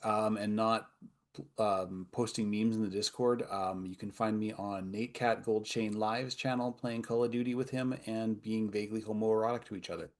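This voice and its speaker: Lower-voiced man, rambling and relaxed. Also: normal speed. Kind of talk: casual stream introduction.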